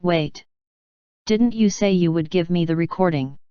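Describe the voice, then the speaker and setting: A cheeky, boastful young brother from an audiobook, read by a woman in a clear, smooth voice on the low side. The recording is dry and a little dull. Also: measured pace, dark tone, no echo, natural voice.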